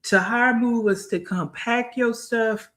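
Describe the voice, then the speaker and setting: A woman hosting a reaction video, pausing the clip to deliver blunt, mocking, profane commentary. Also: on the high side, steady tone, fairly bright tone.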